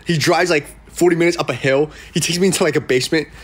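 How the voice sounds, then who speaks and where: Young man, rambling storyteller, slightly high. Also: fast talker, husky. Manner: rambling storytelling with many fillers and restarts; acts out quoted people in mock voices. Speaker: livestream host. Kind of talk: casual livestream chat.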